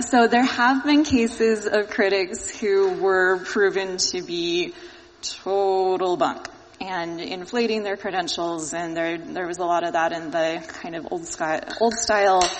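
A woman's voice: lowish voice, fairly even intonation, measured pace, slight background noise. Chatty woman host in a reverberant room. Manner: chatty, teasing, quotes others while explaining. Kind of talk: casual discussion.

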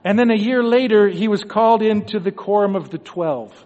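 A man's voice: high voice, fairly quick, warm tone. A man giving a devotional talk, telling a story and acting out the thoughts of the people in it. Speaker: religious speaker. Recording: dull recording in a reverberant hall.

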